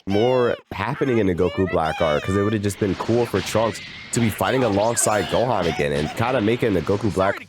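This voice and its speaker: A man's voice: lowish voice, animated, brisk, crowd noise. A young man streaming a game, talking in a slangy, exasperated, rambling way. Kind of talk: casual rant while gaming. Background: video game music.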